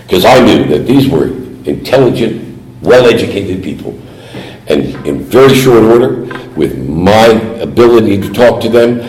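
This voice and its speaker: A man's voice: fairly low pitch, a little mellow. A middle-aged man giving a humorous talk at a recovery meeting, telling his story with put-on voices. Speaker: AA speaker. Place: meeting hall. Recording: echoey hall recording.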